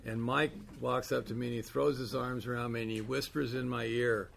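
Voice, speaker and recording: A man's voice: mid-range voice, fairly even intonation, a little fast, gravelly, a bit bright. A man giving a candid, wry personal share at a recovery meeting, telling his story with dry humor.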